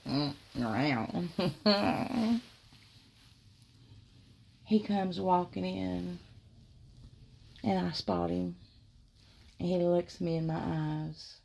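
A woman telling a first-person erotic story, drawing out her words with soft murmurs and frequent giggles. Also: fairly low pitch, drawn-out words, creaky, pauses often, a little hiss or hum.

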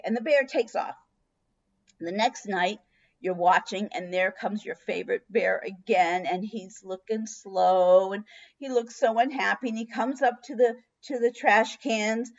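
A woman hosting a diet workshop, giving a motivational talk and telling a long story with lively, acted-out asides. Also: on the high side. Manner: storytelling with expressive voiced asides. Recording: dull lo-fi recording.

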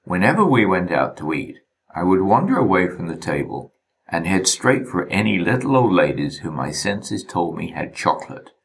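A man reads his memoir aloud, wry and deadpan. His voice sits very low, yet his delivery rises and falls with lively expression. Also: moderate pace, vocal fry, a little hiss or hum. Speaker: narrator. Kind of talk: memoir reading.

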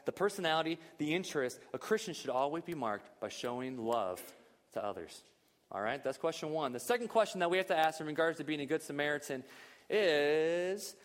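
A man preaching a lively, conversational sermon at a church service, full of rhetorical questions. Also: fairly high pitch, big-room sound. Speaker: pastor.

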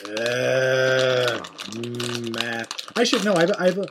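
A man's voice: medium pitch, slow, background noise. A middle-aged man hosting a podcast in casual chat, rambling and joking as he goes. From Ireland. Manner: rambling, jokey, animated. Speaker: podcast host.

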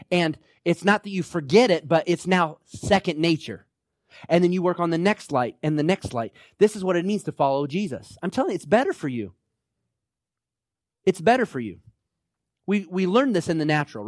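Man, middle-aged pastor, sermon, fairly high voice, dry close sound, conversational, rhetorical questions. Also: no room sound.

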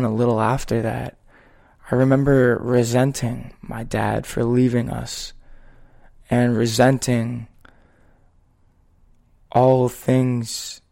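A man hosting a podcast, talking in a slow, measured and earnest way as he tells a personal story. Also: mid-range voice, vocal fry, darkish tone. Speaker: podcast host. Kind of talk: reflective podcast conversation.

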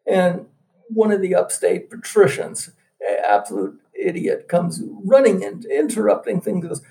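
A man, a guest author, telling anecdotes in an interview and acting out the quotes as an animated storyteller. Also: high voice, unhurried, creaky, recorded from a distance.

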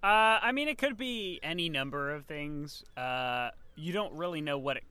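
A man's voice: fairly high pitch, expressive, moderate pace, bright, forceful tone, clear, resonant tone. A man narrating as game master in a tabletop game, describing scenes loosely with many fillers.

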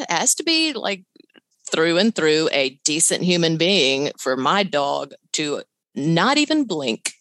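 A middle-aged woman telling a personal story in a lively way, laughing now and then. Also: low voice, measured pace, dry recording. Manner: animated, laughs while telling, voice jumps up on quotes. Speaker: guest telling her story. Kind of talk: conversational storytelling.

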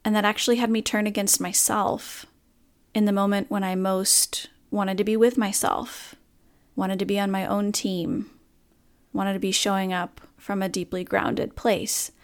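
A woman's voice: medium pitch, little pitch movement, unhurried. A woman hosting her own podcast, talking candidly and earnestly about a hard morning in a reflective monologue. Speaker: podcast host.

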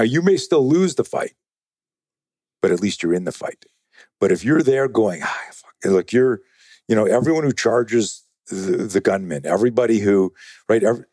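Husky deep-voiced man telling stories. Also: no echo, studio quality. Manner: profane, animated storyteller acting out quotes. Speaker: guest, self-defense trainer. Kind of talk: casual podcast conversation.

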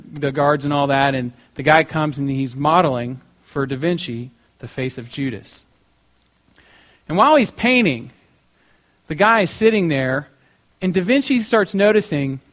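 A man's voice: fairly high pitch, a bit bright. A young man preaching in a casual, chatty way, telling a story with many fillers like "you know".

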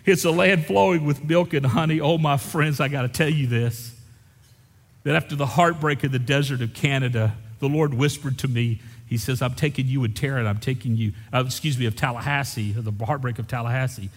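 A man preaching a sermon, building to loud repeated refrains and joking with the congregation. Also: medium pitch, steady tone, a little fast. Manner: preaching with rising intensity, repeating phrases. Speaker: pastor. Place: church sanctuary. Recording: church hall with long reverb.

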